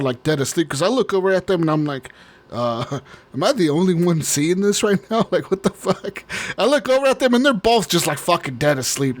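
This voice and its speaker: A man with a slightly higher voice tells a long story on a casual podcast. He rambles, swears freely and often breaks into laughter. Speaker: podcast co-host.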